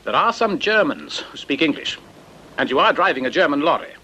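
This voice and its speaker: An actor playing a polite, hesitant British supply captain speaking formally in an old war film. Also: male voice, fairly high pitch, very animated, fairly quick, pushed and bright, slightly rough, heavily acted, low-quality recording. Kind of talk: film dialogue.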